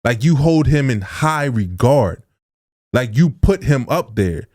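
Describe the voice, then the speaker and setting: A man's voice: mid-range voice, expressive, takes it slowly, a little mellow. Young adult man, podcast co-host; earnest, informal, a touch preachy. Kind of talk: casual podcast talk.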